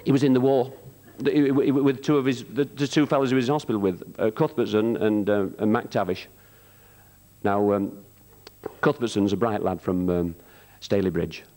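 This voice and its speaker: A man telling rambling stand-up jokes on a theatre stage, pausing with ums and jumping into shouted character voices. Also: fairly even intonation. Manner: rambling, hesitant, full of ums between jokes; jumps into high shouted character voices for punchlines. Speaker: stand-up comic at a charity show.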